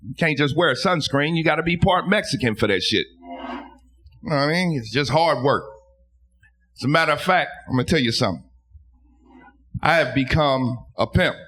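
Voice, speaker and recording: A man doing a loud, animated stand-up set with crude punchlines, then chatting casually on a live comedy podcast stage. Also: a little high.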